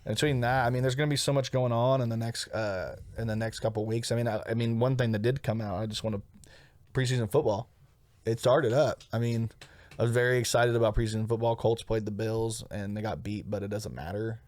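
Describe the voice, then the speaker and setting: A man's voice: medium pitch, fairly even intonation, brisk, a little mellow, no room sound. A man co-hosting a comedy podcast in casual, rambling chat, swearing freely and laughing often. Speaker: podcast co-host.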